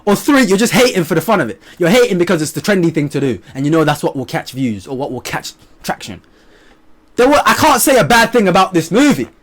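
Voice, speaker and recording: A young man vlogging a movie review, his voice sitting high and leaping all over the place. He talks in hyped bursts that drop to quiet mutters, and he swears casually. The whole thing is an unscripted chat to camera. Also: fast talker. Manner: animated, hyped, swings between loud bursts and low mutters, swears freely.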